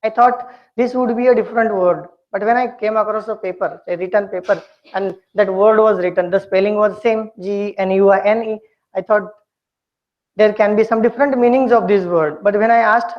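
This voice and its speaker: Teacher type: woman, mid-pitched, deliberate, repeats each word as a model, dull lo-fi lecture audio. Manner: slow and deliberate, repeats words to model pronunciation. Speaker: English communication skills teacher. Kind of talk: pronunciation lesson.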